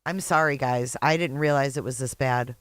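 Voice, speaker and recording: A woman's voice: very deep voice, moderate pace, no echo. A middle-aged woman hosting a reaction video, blunt and sarcastic, swearing freely as she comments. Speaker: YouTube host reacting to a clip.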